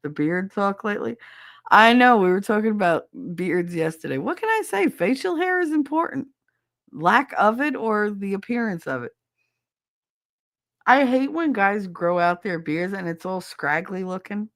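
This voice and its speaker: A woman's voice: medium pitch, lively intonation, moderate pace, fairly bright tone, dry recording, clean studio sound. A woman hosting a podcast, chatting casually with listeners, blunt and swearing freely. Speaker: podcast host reading listener chat. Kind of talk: casual chat.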